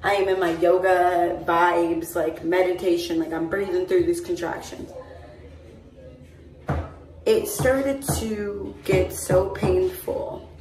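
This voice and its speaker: A woman's voice: lowish voice, fairly even intonation, slow pace, over music. A young woman telling a long personal story to her phone camera in a chatty, rambling way, full of "like" and "mind you". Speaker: vlogger. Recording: roomy echo, phone held at a distance.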